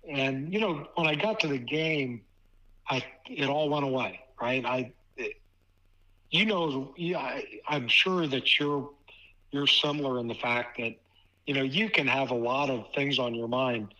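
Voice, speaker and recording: A man in his fifties from Ohio, a basketball official guest telling a personal story in a halting way, often repeating words. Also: mid-range voice, sharp tone, muffled recording. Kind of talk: casual storytelling interview.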